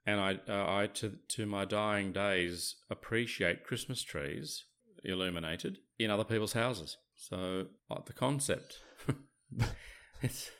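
Halting, bright-voiced father co-host. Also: lowish voice, clean tone. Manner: slow, halting and rambling, with restarts. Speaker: podcast co-host, the host's father. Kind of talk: casual chat.

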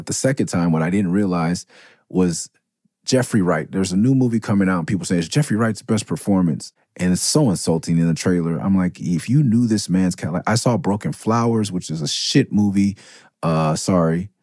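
Podcast host, male, deep and dry-miked, loose profane anecdote style. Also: darkish tone, dry recording. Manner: loose, profane, rambling with asides. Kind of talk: casual storytelling.

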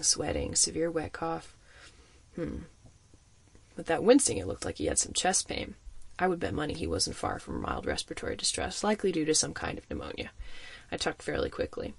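A man narrating a first-person audiobook story in an expressive, suspenseful manner. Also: fairly high pitch, fairly quick, vocal fry, slightly rough.

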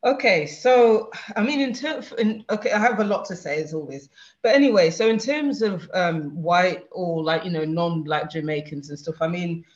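A woman's voice: on the low side, animated, normal speed. Eager woman panelist, muffled sound. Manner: eager, restarts often. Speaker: podcast regular. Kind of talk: casual panel chat.

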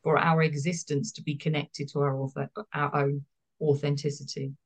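Woman, low voice, earnest, explanatory, podcast guest. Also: level tone, normal speed. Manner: earnest, explanatory, repeats words for emphasis. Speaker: therapist guest. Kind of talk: podcast interview.

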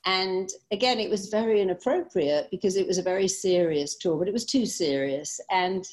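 Animated woman telling stories. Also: medium pitch, moderate pace. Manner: animated, anecdotal, laughing easily. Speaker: guest, therapist and speaker. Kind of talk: conversational storytelling.

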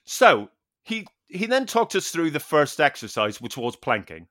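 A British man hosting a podcast who tells an animated story in a casual way, swearing and acting out dialogue. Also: a little high, unhurried, no room sound, studio quality. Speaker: podcast host.

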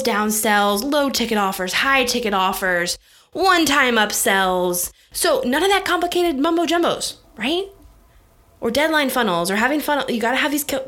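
A young adult woman business coach talking casually and energetically to her audience, calling them guys and honey. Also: a little high. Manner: energetic, chatty, addresses listeners as guys and honey. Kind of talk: casual direct-to-camera coaching talk.

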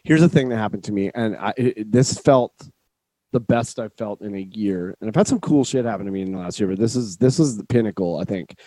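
A man hosting a podcast, telling a story in a casual chat with lots of swearing and quick restarts. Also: on the low side, mellow, no room sound. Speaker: podcast host. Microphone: remote call setup.

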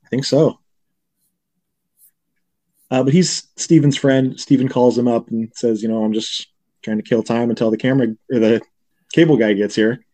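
A man co-hosting a podcast, casually recapping a film scene by scene and slipping into quick character impressions. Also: medium pitch, fairly even intonation, warm tone. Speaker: podcast co-host. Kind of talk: casual movie recap chat.

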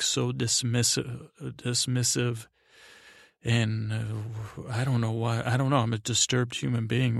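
A man's voice: medium pitch, vocal fry, no room sound, clean studio sound. A man hosting a sleep podcast, recapping a TV episode in a meandering, casual way full of fillers and asides. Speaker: podcast host.

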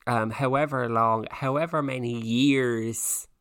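A man co-hosting a comedy podcast, answering listener questions and teasing his co-host with deadpan jokes. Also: mid-range voice, slow pace, clean tone, dry recording. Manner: teasing, deadpan jokey asides.

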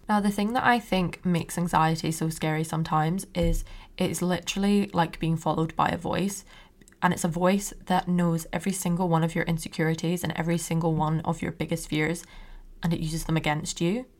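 A young woman hosting a personal podcast, talking openly in a chatty, reassuring way. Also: on the low side. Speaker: podcast host.

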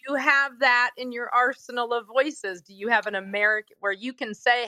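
A woman's voice: on the high side, steady tone, brisk, few pauses, pushed and bright, no echo. A woman co-hosting a panel discussion, upbeat and laughing easily as she leads the questions. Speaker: podcast co-host.

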